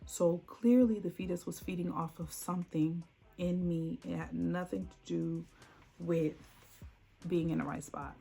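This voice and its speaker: A woman's voice: lowish voice, fairly even intonation, a little slow, vocal fry, warm tone, breathy edge, faint music behind. A woman telling a dramatic personal story on her vlog, acting out the voices of the people in it. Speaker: vlogger.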